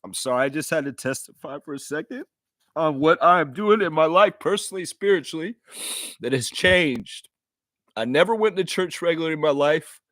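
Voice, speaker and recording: A man's voice: on the high side, expressive, normal speed, a bit bright, no echo. Earnest, emotional man on a dry mic. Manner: earnest, heartfelt, apologetic, many restarts. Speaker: host of a basketball fan live stream. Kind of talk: unscripted live stream monologue.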